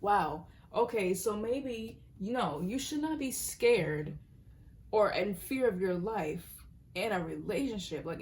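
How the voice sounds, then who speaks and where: A woman's voice: mid-range voice, a little mellow, a little hiss or hum. A young woman giving a casual tarot reading, talking in a rambling, earnest way and often breaking off mid-thought. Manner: rambling, earnest, self-interrupting, sometimes laughing or dropping to a whisper. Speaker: tarot reader.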